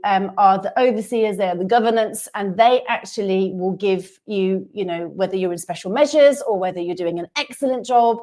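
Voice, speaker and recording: Outspoken woman co-hosting a chat show. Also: mid-range voice. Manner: animated, blunt, outspoken. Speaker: co-host. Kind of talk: casual chat.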